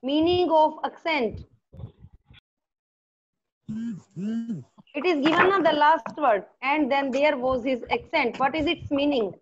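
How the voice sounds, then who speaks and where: An Indian woman with a high voice runs a lesson, asking each question twice and explaining it step by step. She mixes in a few Hindi words. The sound is muffled and lo-fi. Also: slow pace, long pauses. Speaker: teacher. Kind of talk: online class lesson.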